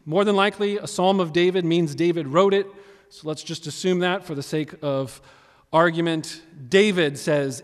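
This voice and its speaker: A man preaching a sermon as pastor, animated and emphatic, swinging between loud and quiet. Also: on the high side. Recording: long reverb of a large hall.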